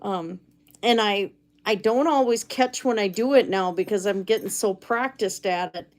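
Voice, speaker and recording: A woman's voice: mid-range voice, moderate pace. A woman live streaming from her cabin, chatting casually and reading viewer comments aloud while she makes chainmaille jewelry. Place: home cabin.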